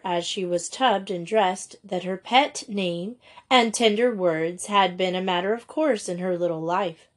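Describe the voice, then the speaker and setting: A woman narrating a children's school story in a measured, even reading voice. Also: mid-range voice. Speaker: audiobook reader.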